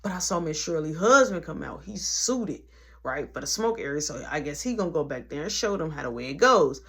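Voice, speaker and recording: A woman casually telling a workplace story, animated and punctuating it with "boom" as she acts out every voice. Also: fairly quick, slightly rough.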